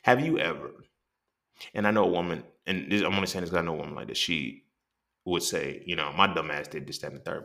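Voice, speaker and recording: A man's voice: fairly low pitch, sharp tone, reverberant. A man hosting a podcast in a casual, profane monologue, often checking in with "you feel me". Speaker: podcast host.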